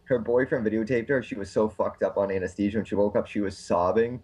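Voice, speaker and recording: A man co-hosting a podcast, telling profane, animated stories with a chesty cough. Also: fairly low pitch, quick pace, slightly rough. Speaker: podcast co-host. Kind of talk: casual chat.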